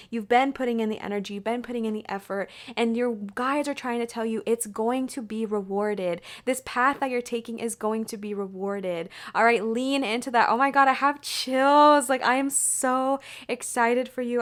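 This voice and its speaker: A young woman giving an excitable, gushing pick-a-card tarot reading in a chatty way. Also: fairly high pitch. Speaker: tarot reader.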